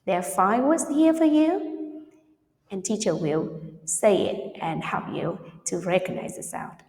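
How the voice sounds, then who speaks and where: A woman teaching English pronunciation, drilling word pairs slowly and checking in with "okay" and "right". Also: mid-range voice, very animated, a little mellow. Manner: slow, drilled repetition of word pairs with tag questions; non-native English grammar. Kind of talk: pronunciation lesson. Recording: echoey room with long reverb.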